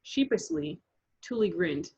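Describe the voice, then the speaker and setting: Woman storybook narrator, husky, dull lo-fi audio, lively read-aloud. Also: fairly low pitch, measured pace. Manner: lively, rhythmic reading. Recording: dull lo-fi recording.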